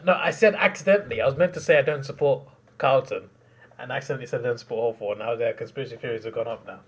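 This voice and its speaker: A young man reacting live to a football match, excitable and quick to laugh, sometimes trailing off into mumbles. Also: mid-range voice, far from the mic.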